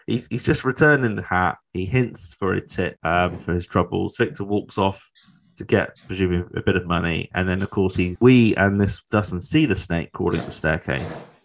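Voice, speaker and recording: A British man hosting a podcast, chatting casually about a comedy scene and laughing easily. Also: sits low. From Britain. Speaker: podcast host. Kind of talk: casual chat commentary.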